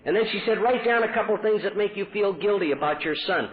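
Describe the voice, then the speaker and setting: A man's voice: high-pitched, animated, fairly quick, hardly any pauses, a little hiss or hum. A middle-aged man from Texas telling his recovery story as a convention speaker, earnestly acting out the dialogue he quotes. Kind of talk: personal recovery talk at a podium. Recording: tinny lo-fi 1980s convention tape.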